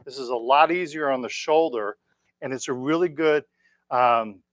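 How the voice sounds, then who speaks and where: A man leading a tai chi class, giving calm, encouraging step-by-step cues. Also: medium pitch, normal speed, no echo. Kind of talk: guided exercise class.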